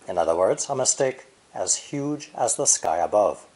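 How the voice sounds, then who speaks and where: A man gives a scripted language lesson, his pitch rising and falling in a lively way as he explains. He speaks in a measured, deliberate way and models each sound as he goes. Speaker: language teacher.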